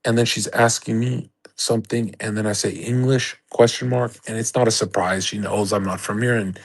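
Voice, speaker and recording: Man, young adult, husky voice, livestream host, crude boastful rant. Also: lowish voice, level tone, a little fast, rough recording. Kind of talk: casual rant to a live chat. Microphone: streaming setup.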